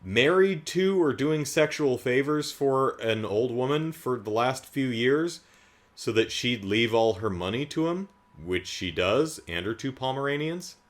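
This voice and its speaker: A man giving a casual, comedic movie recap in a sarcastic, incredulous way, rambling with asides. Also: medium pitch. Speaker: movie reviewer.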